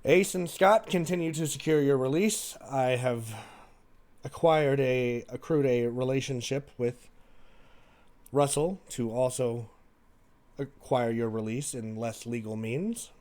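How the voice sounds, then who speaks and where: A man's voice: mid-range voice, unhurried, a little mellow. A man acting as game master, narrating a tabletop game in a playful, joking way. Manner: playful, stumbles and jokes while reading. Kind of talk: tabletop game narration, reading a letter aloud.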